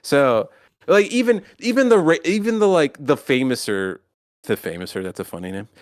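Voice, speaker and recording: A man co-hosting a podcast, talking casually in a rambling, profane, animated way with lots of restarts. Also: on the high side, normal speed, dry recording, clean studio sound. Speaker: podcast co-host.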